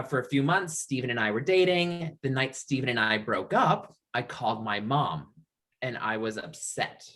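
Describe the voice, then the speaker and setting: Animated man telling a personal story. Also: mid-range voice. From Niagara region, Canada. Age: 30s. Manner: animated storyteller, acts out quoted voices, laughs often. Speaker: guest. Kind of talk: coming-out story told in interview.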